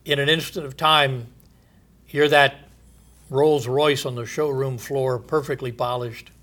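This male preacher builds emphatic, elongated phrases at increasing volume, then drops to a soft low voice as thoughts wrap up, with short chuckles in between. Overall his intonation stays fairly even.

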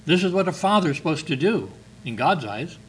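A man's voice: on the high side, very animated, brisk, a little hiss or hum, low-quality recording. An older man preaching a sermon, reading scripture with earnest, emphatic stresses.

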